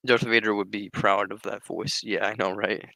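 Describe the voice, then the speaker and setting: A man's voice: lowish voice, creaky, pushed and bright, no room sound, low-quality recording. A man casually reading a book aloud and commenting, rambling and swearing, with many filler words. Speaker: reader and commentator.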